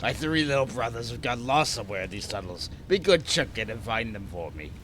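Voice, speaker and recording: A man's voice: medium pitch, big pitch swings, a little fast, fairly bright tone, slight background noise, voice pushed down. A man voicing a smoky-voiced underground creature who coaxes and pleads for help with a put-on, vaguely French accent. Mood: pleading. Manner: coaxing, wheedling, calls the listener pet names.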